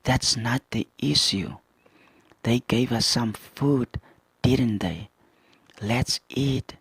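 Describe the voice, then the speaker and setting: Slow husky man reading and reacting. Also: mid-range voice, dry recording. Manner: reads character lines in raised voices, excited asides. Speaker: manga reaction host. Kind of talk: reading manga aloud with commentary.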